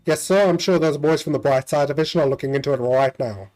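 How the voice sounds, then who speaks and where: A man's voice: a little high, fast, a little mellow, natural voice, rough recording. A man voicing a polite, ghostly male train conductor from a game, who answers formally and calls everyone sir. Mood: dutiful. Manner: formal, says sir constantly.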